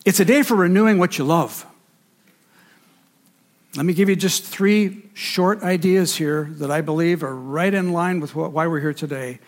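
A male pastor delivering a sermon to a congregation, with emphatic, rhythmic preaching built on lists and repetition. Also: high voice.

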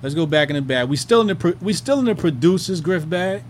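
A man's voice: on the high side, lively intonation, quick pace, slight background noise. A man hosting a commentary show, talking in a loose, rambling way, swearing freely and trailing off into fillers. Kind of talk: casual profane commentary.

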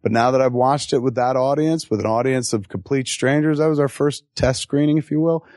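A middle-aged man in a casual interview, telling animated stories and swearing freely. His voice sits at a middle pitch. The sound is dry, with no room echo. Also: fairly quick. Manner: animated, profane storyteller who acts out quotes. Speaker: film director being interviewed.

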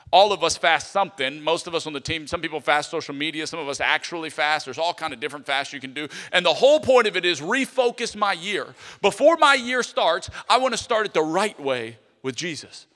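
A male pastor preaching a sermon with animated delivery, moving between loud emphasis and hushed asides. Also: fairly high pitch, long reverb tail.

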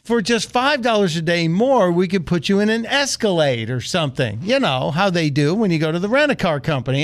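A man's voice: high-pitched, brisk, hardly any pauses, no echo, studio quality. A middle-aged American man hosting a radio talk show, telling a story and acting out the voices he quotes. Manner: animated, acts out quoted voices. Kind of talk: storytelling monologue.

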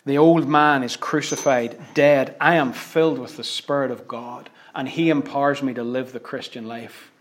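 A man preaching a sermon. He swings from loud, emphatic declarations to hushed, almost whispered asides. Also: medium pitch, steady tone, moderate pace, hardly any pauses.

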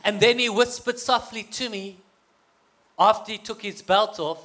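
A man's voice: high voice, moderate pace, fairly bright tone. A man with a South African accent telling a humorous personal story to an audience, getting the crowd to call back. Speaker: guest speaker.

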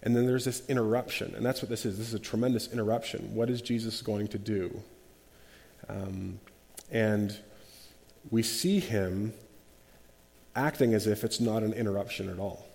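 A man leading a group Bible study, his mellow, warm voice carrying a long reverb through the room. He talks with animation, acts out quotes and often restarts sentences. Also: lowish voice, fairly even intonation, normal speed, vocal fry.

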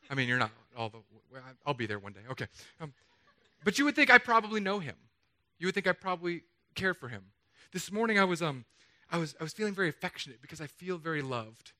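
A pastor in his thirties delivers a sermon from a church stage, his voice high and pushed hard with a bright, tense edge. He is animated and playful, slipping into voices for the quotes and cracking jokes with the crowd. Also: fairly quick. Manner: animated, jokey, acts out the quotes he reads. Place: church stage under hot lights.

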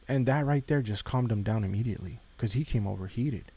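A man's voice: medium pitch, fast talker, few pauses, darkish tone, slightly rough. A man hosting a podcast, giving a casual devotional talk in a conversational way, repeating phrases and addressing listeners directly. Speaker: podcast host.

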